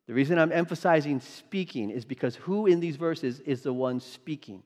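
A man's voice: on the high side, moderate pace, a little mellow. A male pastor preaching a sermon, emphatic, quizzing the congregation with rhetorical questions. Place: church sanctuary. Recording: long hall reverb.

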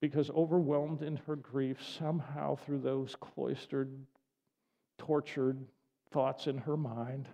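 A man's voice: mid-range voice, vocal fry. Man preaching in an echoey hall. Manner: animated, conversational storytelling with asides. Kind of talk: sermon. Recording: dull lo-fi audio with long hall reverb.

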